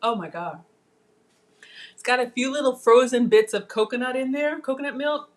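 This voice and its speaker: A woman's voice: sits high, fairly even intonation, fairly quick. Woman, live cooking vlogger, chatty and casual, says y'all a lot. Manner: chatty, addresses viewers as y'all, savoring food.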